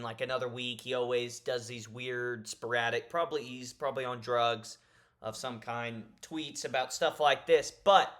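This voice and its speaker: A man giving opinionated solo commentary in a video, emphatic and animated, repeating points for stress. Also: fairly high pitch. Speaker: MMA commentary YouTuber.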